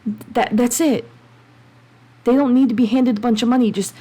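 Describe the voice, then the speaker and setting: A woman hosting her own podcast, talking passionately and emphatically, getting heated and then calming down. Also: on the high side, normal speed, breathy edge. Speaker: podcast host. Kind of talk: solo podcast monologue. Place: home, late at night.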